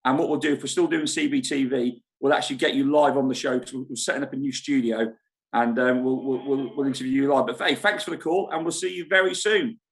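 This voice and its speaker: A man's voice: medium pitch, steady tone, vocal fry. A man hosting a casual live-stream chat from a holiday park club foyer, talking in a rambling way and laughing easily. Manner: chatty, rambling, quick to laugh. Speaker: show host at a holiday park.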